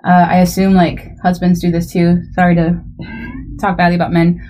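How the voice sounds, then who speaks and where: A woman's voice: lowish voice, normal speed. A woman in casual chat, telling stories with animation and acting out what people said. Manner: animated storyteller who acts out quoted exchanges.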